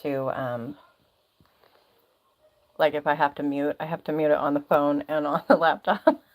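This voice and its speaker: A woman's voice: deep voice, moderate pace, poor audio. A woman hosting a casual livestream, chatty and rambling, laughing often, talking into a phone or laptop mic. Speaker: livestream host.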